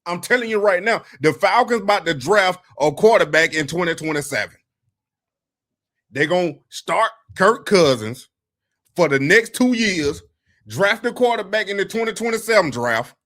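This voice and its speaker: Male sports ranter, high bright voice, informal and insistent. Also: animated, unhurried. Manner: emphatic, informal, talks straight at the listener. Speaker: football commentator. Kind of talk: casual sports rant.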